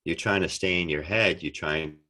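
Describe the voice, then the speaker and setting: Man, deep voice, forceful delivery, animated storyteller, podcast guest chat. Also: normal speed. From United States. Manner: animated storyteller, acts out quotes. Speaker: actor guest. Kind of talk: casual interview chat.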